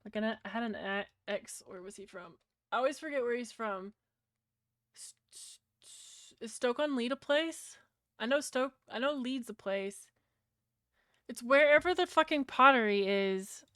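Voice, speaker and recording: A woman's voice: a little high, a little slow, fairly bright tone, no room sound, studio quality. A woman with a British accent, chatting casually and bluntly with her livestream viewers, rambling and swearing freely. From Britain. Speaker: streamer.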